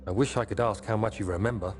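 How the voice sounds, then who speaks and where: Man playing grim young game hero, solemn, low voice, measured delivery, faint music. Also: steady tone, natural voice. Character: grim young man leaving himself a warning. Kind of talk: scripted game voice-over.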